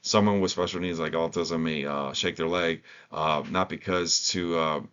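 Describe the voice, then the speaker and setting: A man's voice: low voice, fairly even intonation, moderate pace, a bit bright, smooth. A man giving an unscripted staff training talk, hesitant, with many fillers and restarts. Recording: dull lo-fi recording.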